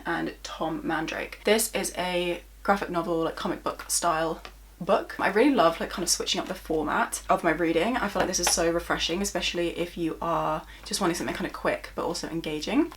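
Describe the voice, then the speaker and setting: A woman's voice: fairly low pitch, a little hiss or hum. Chatty British woman reviewing books. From United Kingdom. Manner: chatty, many "like" fillers, gushing. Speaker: book vlogger. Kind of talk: casual monthly reading wrap-up.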